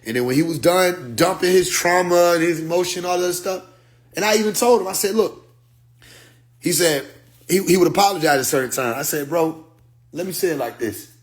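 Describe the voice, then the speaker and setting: A man's voice: high-pitched, fairly quick. A man telling a long story in casual speech. He acts out both sides of the conversation, swears freely and gets worked up. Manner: animated, profane, quotes others in dialogue.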